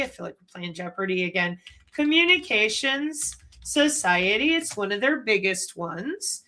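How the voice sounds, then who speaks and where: A woman hosting her own channel, lecturing in an animated way and asking rhetorical questions. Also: mid-range voice, unhurried. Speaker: channel host. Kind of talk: commentary.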